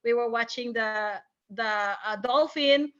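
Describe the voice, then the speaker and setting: A woman telling her team about her experience on a video call, excited and hesitant, with many fillers and restarts. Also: on the high side, slow pace, muffled recording. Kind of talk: casual chat on a video call.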